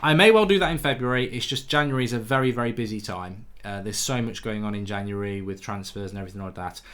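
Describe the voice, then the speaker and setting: A man's voice: on the low side, fast, fairly bright tone. A man hosting a live football fan stream, reading chat comments aloud and answering in a blunt, opinionated way with frequent restarts. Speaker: football fan channel host.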